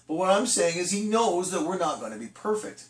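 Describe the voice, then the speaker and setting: A man's voice: high voice, sing-song, brisk. A middle-aged man leading a casual children's church talk, chatty with restarts and acted-out quotes. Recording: echoey room, from a distance.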